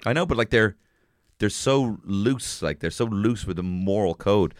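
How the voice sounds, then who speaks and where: Lively, rambling Irish man, swearing freely. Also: lowish voice, a little slow, no echo, studio quality. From Ireland. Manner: rambling, swears freely, jumps into shouted character voices. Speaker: podcast co-host. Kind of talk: casual comedic chat.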